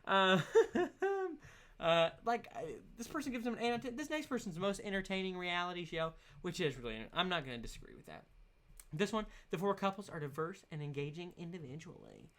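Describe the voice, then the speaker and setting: A man's voice: high-pitched, sing-song, fairly quick, a bit bright. A young man hosting his solo podcast in a casual, rambling rant, laughing often. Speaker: podcast host.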